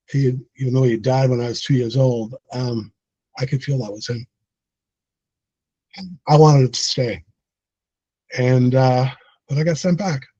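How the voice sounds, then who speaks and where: A middle-aged man tells his personal story to a support group in a loose, conversational way, with plenty of fillers and a chuckle at his own tale. His voice is a little husky and the sound is dull and muffled. The room gives back almost no echo. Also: medium pitch, mellow.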